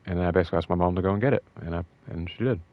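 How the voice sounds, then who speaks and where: A young man talking in a casual, rambling way about a fighting game, emotional and excited, with many fillers and restarts. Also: sits low, rapid-fire, phone-quality sound. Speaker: gaming video host.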